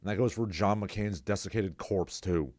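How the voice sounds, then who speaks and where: A man's voice: deep voice, normal speed, a little mellow, no room sound. A man hosting his own livestream, talking alone in a sarcastic, rambling way and reading out viewers' chat messages. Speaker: livestream host. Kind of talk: casual solo commentary.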